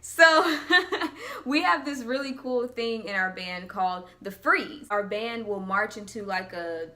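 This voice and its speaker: Young woman vlogger, bright, lively storytelling voice that acts out quotes. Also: fairly high pitch, unhurried. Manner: animated, laughing, acts out quotes. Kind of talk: casual storytelling.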